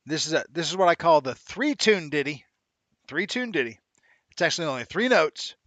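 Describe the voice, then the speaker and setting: Guy hosting a live chat show, kinda high voice, laughs a lot, slangy, dry close sound. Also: very animated, fairly quick, fairly bright tone, no room sound, lo-fi sound. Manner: chatty and upbeat, laughs often, uses slang. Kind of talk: casual livestream chat.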